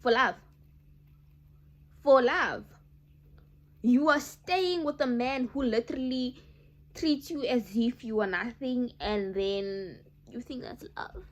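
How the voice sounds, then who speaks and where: A woman's voice: fairly high pitch, a little slow. A young woman, chatting emphatically to her viewers in a vlog. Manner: emphatic, animated, addresses viewers as guys. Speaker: vlogger. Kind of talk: casual chat to camera.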